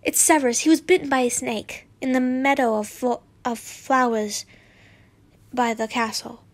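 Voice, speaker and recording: A woman's voice: high voice, steady tone, moderate pace, close to an everyday voice. A woman reading the lines of a worried teenage boy wizard in her own voice.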